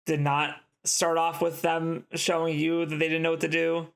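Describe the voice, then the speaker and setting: A man co-hosting a podcast, casually retelling film plots in a rambling, animated way. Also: on the high side, moderate pace, creaky, clean tone. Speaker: podcast co-host. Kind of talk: casual chat.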